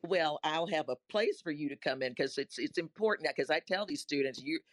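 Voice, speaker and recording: A woman voice-acting coach, talking casually on a panel in a folksy, animated way. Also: sits low, a little fast, dry recording. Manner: animated, folksy, repeats words.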